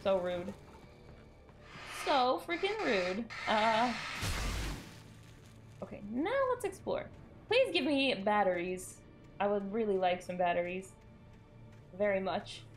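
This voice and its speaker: A woman's voice: mid-range voice, unhurried, long pauses, soft background music. A woman streaming a game live, chatting with her viewers and reacting in sudden bursts and laughter at a desk microphone. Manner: animated, jumpy reactions, bursts of shrieks and laughter.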